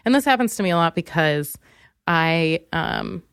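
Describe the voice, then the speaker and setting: Young woman comic host, low-ish smooth voice, loose rambling profane storytelling, dry close mic. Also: lively intonation, moderate pace, fairly bright tone, dry recording. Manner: rambling, candid, profane, many fillers and restarts. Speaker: podcast host. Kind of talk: comedic storytelling monologue.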